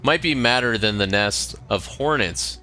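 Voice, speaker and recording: A man reading aloud the lines of a folksy old male village sheriff, slow and halting. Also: medium pitch, lively intonation, bright, forceful tone, soft background music. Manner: slow, halting read-aloud of game dialogue.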